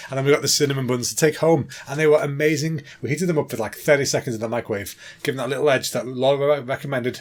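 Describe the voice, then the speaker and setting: A man's voice: mid-range voice, fast talker, hardly any pauses. A man, hosting a rambling, casual comedy podcast monologue into a home mic. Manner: rambling, chatty, addresses listeners as folks. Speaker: podcast host.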